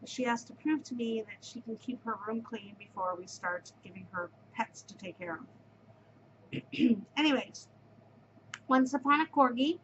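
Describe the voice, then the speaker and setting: A middle-aged woman with a fairly high voice chats casually as she shows off her yarn, gushing and repeating herself. The sound is a little muffled and dull, with faint room hiss behind her. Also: unhurried, pauses often, a bit bright. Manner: gushing, effusive, repeats words. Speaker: knitting podcast host. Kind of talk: casual show-and-tell chat.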